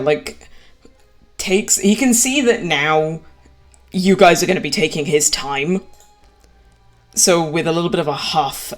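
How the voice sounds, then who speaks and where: A game master narrating a live tabletop role-playing session. The voice sits mid-range, and the descriptions run loose and conversational. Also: mid-range voice.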